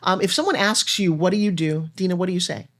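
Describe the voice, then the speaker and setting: A woman guest on a podcast, telling stories and coaching in an animated way, acting out lines of dialogue. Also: fast. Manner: animated storyteller, acts out dialogue with big pitch jumps. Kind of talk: fast-paced podcast conversation.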